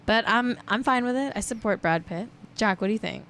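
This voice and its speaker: A woman's voice: on the high side, brisk, fairly bright tone. A woman hosting a celebrity gossip livestream, chatting casually and rambling, correcting herself as she goes. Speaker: celebrity gossip show host.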